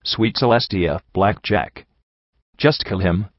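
A man voicing a young male pony in an audiobook, angry and grieving, with raw, bitter shouts. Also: fairly low pitch, slow pace, dry recording. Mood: furious. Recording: dry, slightly dull home recording.

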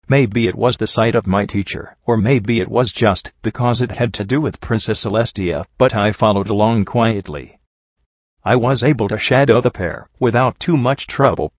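A man narrating a first-person story in a steady reading voice. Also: lowish voice, moderate pace, dry recording, lo-fi sound.

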